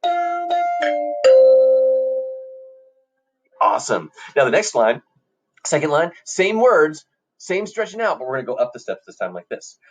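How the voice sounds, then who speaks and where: A man's voice: a little high, sing-song, a little fast. A man teaching a classroom music lesson, coaching students in an upbeat way and singing short examples for them to copy.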